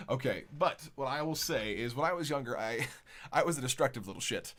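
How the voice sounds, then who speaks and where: A man's voice: medium pitch, normal speed, pushed and bright. A young man hosting a casual podcast, telling rambling, sweary stories with lots of animation. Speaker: podcast host.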